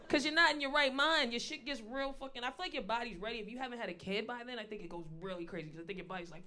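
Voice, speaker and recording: A woman's voice: on the high side, rapid-fire, hardly any pauses, fairly bright tone. A woman in her thirties doing a stand-up comedy set, blunt, profane and conversational as she tells her stories. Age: 30s. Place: live stage venue.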